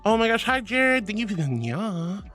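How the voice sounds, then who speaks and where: A woman's voice: mid-range voice, big pitch swings, moderate pace, a bit bright. A young woman streamer chatting playfully with her viewers, giggling often, with faint music behind her. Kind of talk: casual live-stream chat.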